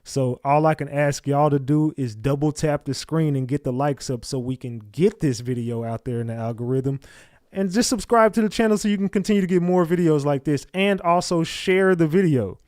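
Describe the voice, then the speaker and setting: A man's voice: fairly high pitch, normal speed, darkish tone, no room sound, studio quality. A man hosting a livestream, reading chat comments aloud and snapping back at viewers in blunt, profane casual talk. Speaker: livestream host.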